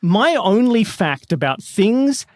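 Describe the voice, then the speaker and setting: Lively high-voiced joking man. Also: takes it slowly, no echo, clean studio sound. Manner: playful, jokey, acts out voices. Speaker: panelist. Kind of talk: podcast panel chat.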